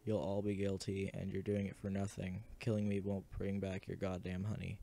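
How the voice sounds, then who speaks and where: A man's voice: deep voice, completely flat delivery, normal speed, creaky, dark tone. A man reading the part of a panicked man trapped before a sacrifice, frantic and pleading. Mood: desperate.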